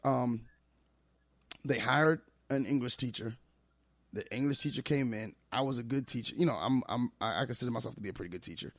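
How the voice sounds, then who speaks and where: A man's voice: medium pitch, a little fast, no echo. Emphatic male teacher telling stories. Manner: emphatic, animated storyteller. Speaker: teacher guest. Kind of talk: casual podcast conversation.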